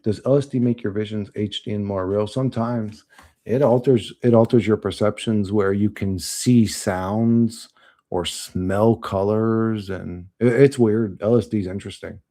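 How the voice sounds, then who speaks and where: A man's voice: fairly low pitch, fairly even intonation, a little slow, warm tone. A man on a livestream, reading chat comments and answering them in blunt, profane, rambling talk.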